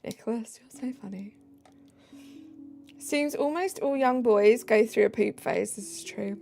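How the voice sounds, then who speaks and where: A tired British woman chatting casually on a live stream, giggly, reading chat aloud and dropping into soft asides. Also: a little high, moderate pace, creaky, faint music behind.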